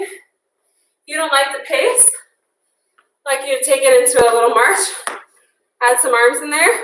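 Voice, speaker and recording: High bright winded woman fitness instructor. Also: a little hiss or hum. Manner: encouraging, casual, counts down reps. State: out of breath. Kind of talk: guided workout class instruction. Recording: echoey room, mic at a distance.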